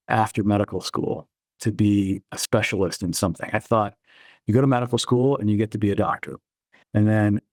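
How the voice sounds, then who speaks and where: A middle-aged man telling stories from his career in a relaxed, anecdotal way during an interview. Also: fairly low pitch, dry recording. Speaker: guest, chief innovation officer. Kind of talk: storytelling interview answers.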